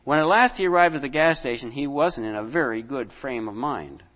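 A man's voice: mid-range voice, lively intonation, fairly bright tone. Man reading a story aloud to children. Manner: slow, deliberate, asks listeners questions. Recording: dull lo-fi with long reverb.

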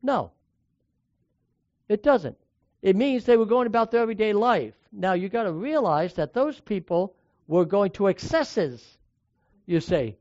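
Emphatic preacher, high-pitched man. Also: animated, darkish tone, no echo. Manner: emphatic, asks the listeners questions, pauses between short phrases. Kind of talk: sermon with scripture reading. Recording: dull lo-fi sound.

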